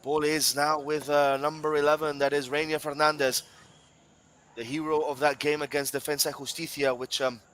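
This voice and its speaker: A man's voice: on the high side, level tone, normal speed, a bit bright, rough recording. A man from Gibraltar giving live football match commentary, chatty and talking straight to his co-commentator and the viewers.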